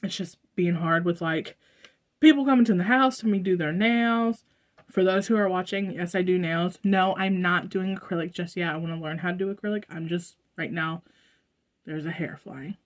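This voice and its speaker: Indoors at home, a young American vlogger talks to her viewers in a laid-back haul video, wandering off into asides and filler words. She speaks at normal speed in a fairly low voice.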